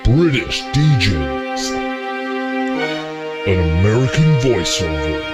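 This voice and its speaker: A man putting on a mock jingle voiceover, drawn out like an announcer, over loud theme music. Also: deep voice, very animated, voice pushed down, full character voice. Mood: announcing. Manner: slow, drawn-out announcer delivery.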